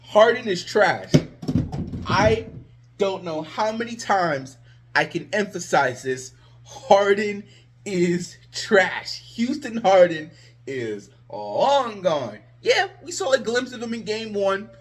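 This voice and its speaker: Male sports vlogger, slightly high voice; sarcastic, exasperated ranting fan commentary. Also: very animated, slow pace, a little hiss or hum.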